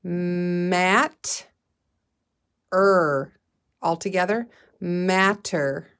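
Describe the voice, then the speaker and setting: A woman teacher leading a phonics lesson, slowly sounding out word parts and encouraging her young listeners. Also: on the low side, a bit bright, clear, resonant tone. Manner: encouraging, calls listeners "friends". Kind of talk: guided reading phonics lesson.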